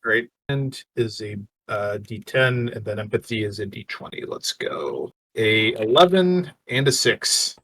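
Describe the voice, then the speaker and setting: A man's voice: lowish voice, expressive, unhurried, hardly any pauses, fairly bright tone. Man asking questions at a tabletop game. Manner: questioning, checks the rules. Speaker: player.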